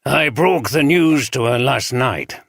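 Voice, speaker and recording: A man's voice: mid-range voice, takes it slowly, creaky, no echo, studio quality, voice pushed up, exaggerated voice. A man doing a blunt northern chief inspector. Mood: businesslike. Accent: Northern English. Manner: plain-spoken, steady.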